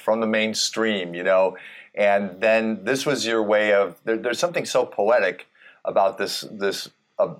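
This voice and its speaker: Low-voiced male interviewer. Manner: thoughtful, searching for words, warm curiosity. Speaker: interviewer, a doctor. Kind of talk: conversational interview.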